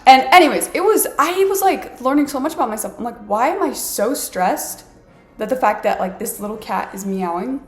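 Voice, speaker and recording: A woman's voice: on the high side, fast talker, few pauses, soft background music. A woman vlogging from her apartment, telling a story in a chatty, self-mocking way with lots of "like". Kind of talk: casual storytelling to camera. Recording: echoey room.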